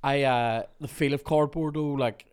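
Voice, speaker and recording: A male podcast host spinning a story in casual chat. He talks in an animated way, swears often and breaks into laughs. His voice sits at an ordinary middle pitch for a man. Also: moderate pace, clear, resonant tone. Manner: animated, sweary anecdote-telling with frequent laughs.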